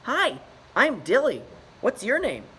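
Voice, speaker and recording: A man's voice: very high-pitched, wildly swooping pitch, slow, bright, forceful tone, a little hiss or hum, voice pushed up, exaggerated voice. A man voicing a friendly young beluga whale in a picture book story, eager and bouncy. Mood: chirpy.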